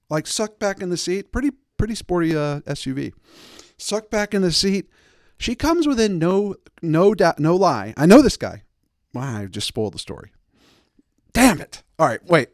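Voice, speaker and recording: A man's voice: fairly high pitch, big pitch swings, normal speed, dry recording, clean studio sound. A man in his thirties hosting a podcast, telling a wild personal story in a casual, emphatic way and laughing as he goes. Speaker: podcast host.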